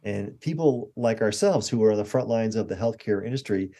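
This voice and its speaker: Storytelling man in his sixties, mellow. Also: fairly low pitch, a little fast. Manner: animated anecdotes with acted-out quotes. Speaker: guest expert. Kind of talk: conversational interview storytelling.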